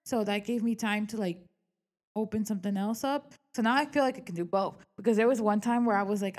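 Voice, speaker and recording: Young woman, podcast co-host, candid casual chat, swears a lot, animated retelling. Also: mid-range voice, fast. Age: young adult. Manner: candid and animated, frequent swearing and filler words; acts out quoted dialogue. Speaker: podcast co-host, real estate agent.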